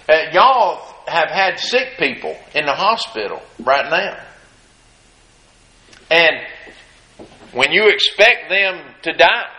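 A man's voice: a little high, pushed and bright. A man preaching a sermon, reading scripture aloud and then commenting on it in a folksy, emphatic way. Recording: roomy echo.

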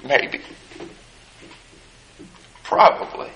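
A man preaching a sermon in a church, his voice climbing high and loud as he retells scripture dialogue. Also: extremely slow, echoey room, rough recording. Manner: fervent, rises high and loud in retold dialogue.

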